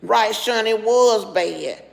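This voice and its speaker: A woman's voice: a little high, slow, creaky, in a large hall. A middle-aged woman, frankly telling a personal story on a live stream and greeting viewers as she goes. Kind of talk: casual storytelling to live chat.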